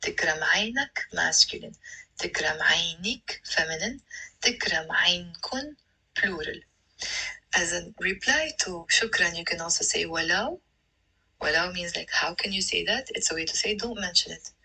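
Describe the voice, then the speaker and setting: A woman from Lebanon with a Lebanese accent, a language teacher going through phrases in a measured, repetitive way. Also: fairly low pitch, expressive, gravelly, bright, forceful tone, breathy edge, rough recording. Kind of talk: scripted phrase lesson.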